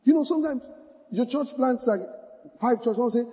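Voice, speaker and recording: A man's voice: very high voice, brisk, mellow, in a large hall, muffled recording. A man preaching a sermon as pastor, calling out questions to the congregation and repeating key phrases for emphasis. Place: church hall.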